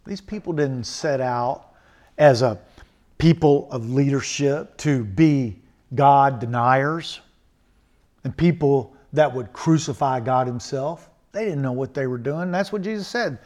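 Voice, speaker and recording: A man preaching a sermon, emphatic and earnest, swinging from loud exhortation to quiet asides and mocking rhetorical questions. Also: mid-range voice, measured pace.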